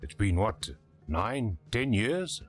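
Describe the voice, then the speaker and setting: An actor playing a rugged older-brother helicopter tour pilot with a South African accent, blunt and easygoing, in a game. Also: male voice, on the low side, sing-song, slow pace, soft background music, exaggerated voice. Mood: gruff.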